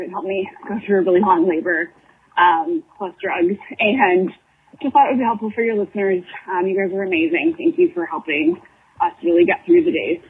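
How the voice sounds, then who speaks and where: A woman's voice: mid-range voice, animated, fairly quick, husky. A woman leaving a grateful voicemail for a podcast while out walking with a stroller, a little out of breath. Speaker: caller. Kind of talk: voicemail message. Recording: muffled phone voicemail.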